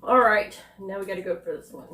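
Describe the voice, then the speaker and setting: A woman reviewing snacks in a casual taste-test vlog, chatting and thinking aloud with quiet asides. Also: mid-range voice, fairly quick. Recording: echoey room.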